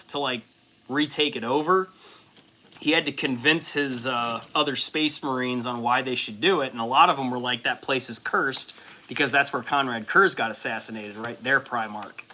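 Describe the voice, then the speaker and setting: A man's voice: mid-range voice, normal speed, bright, forceful tone, a little hiss or hum. A man hosting a casual hobby livestream, rambling and swearing with lots of fillers and laughs. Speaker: livestream host. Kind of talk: casual chat during a hobby stream.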